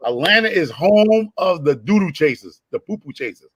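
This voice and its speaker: A man bantering and teasing on a casual live stream, brash and quick to shout. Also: high-pitched, lively intonation, husky, no echo. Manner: brash, teasing, loud bursts of laughter.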